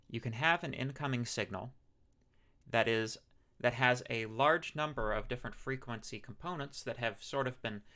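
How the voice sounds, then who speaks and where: Speaking into a microphone, a university lecturer with a mid-range, bright and forceful voice talks in a relaxed, chatty style. He uses fillers, corrects himself now and then, and jokes about sounding smooth like a radio host.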